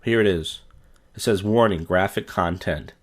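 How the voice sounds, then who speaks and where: A man's voice: low-pitched, normal speed. A man hosting a podcast, giving blunt, profane commentary on viral clips. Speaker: podcast host.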